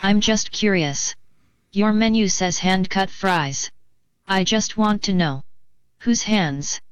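A woman's voice: mid-range voice, slow, lightly acted. A synthetic female voice playing a robotic AI assistant who complains stiffly and demands answers. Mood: demanding. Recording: dull lo-fi phone sound.

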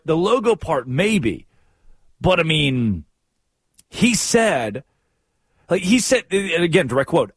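A man's voice: fairly high pitch, sing-song, unhurried, long pauses, breathy edge, no room sound. A young man co-hosting a casual sports talk show, incredulously ranting and reading quotes aloud. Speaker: podcast co-host.

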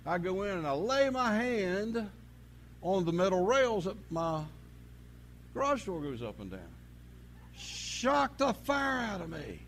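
A man preaching a sermon, telling folksy stories and swinging from quiet asides to loud preaching. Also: high-pitched, sing-song, takes it slowly, slight background noise. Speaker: pastor.

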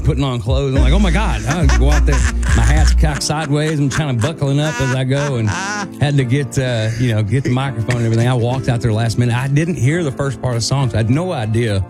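A man co-hosting a radio show, telling a story in a casual, animated way and jumping into a higher voice to act out quotes. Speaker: guest co-host, country singer.

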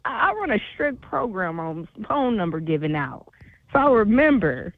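A woman who hosts a show speaks over a tinny, phone-like line. She teases and doubts the caller in loose, relaxed slang. Her pitch swings up and down lively, and the sound is dry. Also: normal speed, no echo. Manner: skeptical and teasing, relaxed slang. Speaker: radio show host. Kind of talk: casual phone banter.

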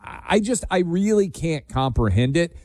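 A man's voice: on the high side, big pitch swings, measured pace, creaky, darkish tone, no echo. Emphatic male talk host, dry sound. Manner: emphatic, incredulous, leading questions. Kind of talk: political talk show.

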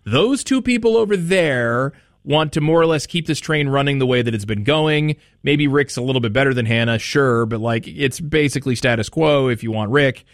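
A man's voice: mid-range voice, normal speed, no echo. A man hosting a talk radio show, musing casually aloud with plenty of fillers and restarts, speaking into a studio microphone. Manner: conversational, musing, loose with fillers.

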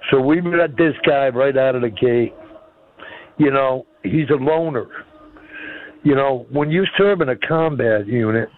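A man's voice: medium pitch, a little slow. Older man calling in by phone. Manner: blunt, folksy, rambling. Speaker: caller. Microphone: telephone. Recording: phone-line call-in.

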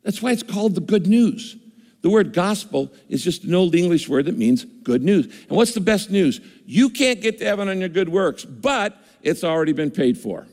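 A man's voice: high-pitched, expressive, normal speed, a little mellow. A man preaching a sermon as pastor, earnest, repeating words for emphasis. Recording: echoey hall reverb.

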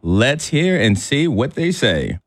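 A man's voice: mid-range voice, sing-song, slow, no echo. A man hosting a morning radio call-in game, upbeat and playful, talking into a studio microphone. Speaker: radio host.

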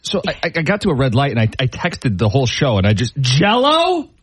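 A man co-hosting a radio sports show, telling a story with animated delivery and stammering restarts. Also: medium pitch, fast, breathy edge, no room sound. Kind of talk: casual radio banter.

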